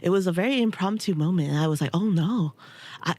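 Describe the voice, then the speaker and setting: A young woman chatting on a game stream, her pitch bouncing widely as she giggles through a story. The sound is close and dry, with no room around it. She keeps it casual and animated. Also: fast talker, no room sound. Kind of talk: casual chat while gaming.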